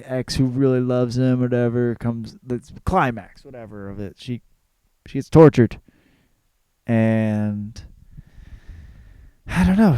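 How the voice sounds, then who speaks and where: A man's voice: medium pitch, dark tone, smooth, no room sound. A man hosting his podcast in a casual, crude, rambling comic monologue with plenty of fillers and cursing. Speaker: podcast host.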